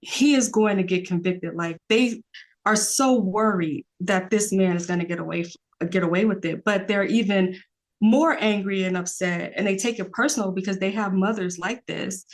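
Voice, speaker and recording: A woman's voice: medium pitch, normal speed. A woman, a podcast guest talking earnestly in a rambling casual way, with many fillers.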